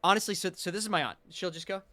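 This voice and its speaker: A male voice actor and comedian, a guest on a podcast, chatting casually in a halting, self-deprecating way. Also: high voice, pushed and bright, no room sound.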